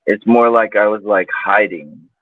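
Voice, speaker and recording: A man's voice: lowish voice, unhurried, a little hiss or hum. A man guest telling a personal story in a loose, casual way, full of fillers. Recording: tinny phone-like line, dry.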